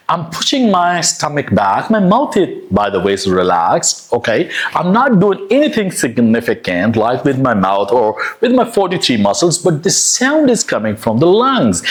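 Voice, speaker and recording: Animated, enthusiastic male teacher. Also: on the high side. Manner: enthusiastic, demonstrates breathy sounds, non-native phrasing. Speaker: English pronunciation teacher. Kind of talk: animated pronunciation lesson.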